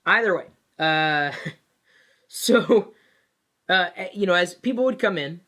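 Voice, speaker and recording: A woman telling a personal work story in a casual, animated way, with plenty of fillers and restarts. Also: lowish voice, normal speed. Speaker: vlogger.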